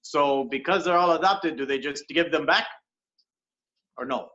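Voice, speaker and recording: A man with a bright, slightly high voice improvises a comic scene, earnest and absurd. He talks plainly and deadpan. The sound is dull and lo-fi, like audio from a video call. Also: normal speed. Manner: earnest and absurd, playing a cop. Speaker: improv performer.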